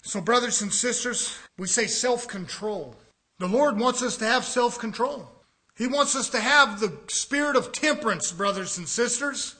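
A man preaching a sermon, swinging from quiet low passages to shouted exhortation and repeatedly addressing his brothers and sisters. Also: moderate pace.

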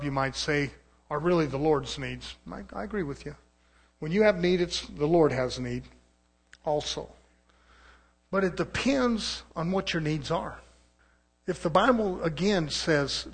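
A man preaching a fervent sermon, swinging from loud, rising shouts to low, quiet stretches.

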